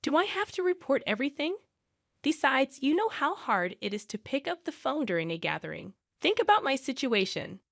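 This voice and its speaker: A woman voicing a selfish young husband who talks in a curt, blaming way, with a slightly lower voice than her narration. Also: sing-song, normal speed, creaky, fairly bright tone, dry recording, clean studio sound, heavily acted. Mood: dismissive.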